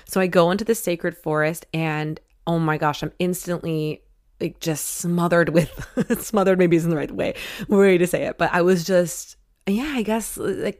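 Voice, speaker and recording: A woman's voice: sits low, no echo, studio quality. A woman hosting a podcast, telling a personal story in a chatty, emotional way with lots of "like" and "you know.". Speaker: podcast host. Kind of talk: casual storytelling.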